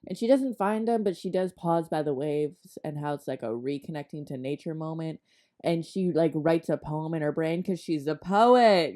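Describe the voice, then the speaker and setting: A woman's voice: low-pitched, moderate pace, warm tone. A woman recapping a book in a comedic, sarcastic, chatty way, full of exaggerated asides.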